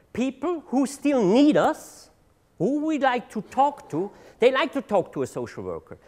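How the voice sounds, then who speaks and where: Middle-aged man, conference speaker, high voice, swinging intonation, halting, repeats words. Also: a little mellow. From Switzerland. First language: German. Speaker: drug treatment agency leader giving a seminar talk. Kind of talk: conference presentation. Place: seminar room.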